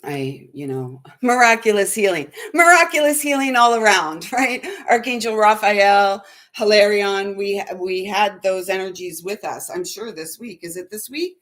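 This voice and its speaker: A woman's voice: mid-range voice, animated, a little slow, fairly bright tone. A woman hosting a spiritual talk, rambling with many fillers in an earnest, slightly shaken way. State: shaky, unsettled. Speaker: spiritual channel host. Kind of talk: casual spiritual livestream talk.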